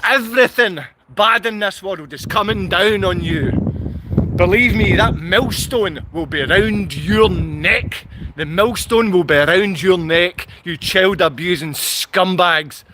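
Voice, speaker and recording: This Scottish vlogger has a high-sitting voice and a measured pace, with background noise behind him. In his Glasgow accent he rants at the camera in a fury, repeating himself and flinging insults.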